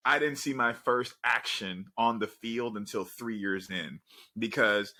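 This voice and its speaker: A man in his thirties from Miami co-hosting a podcast in casual, energetic chat and laughing often. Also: mid-range voice, a little slow. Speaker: podcast co-host.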